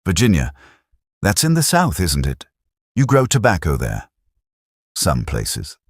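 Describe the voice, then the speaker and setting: A man's voice: sits low, huge pitch swings, a little slow, breathy edge, dry recording, heavily acted. A man voicing a cheeky young British army private from Sheffield who teases in a dry, chatty way. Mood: teasing. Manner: chatty, teasing, dry humor.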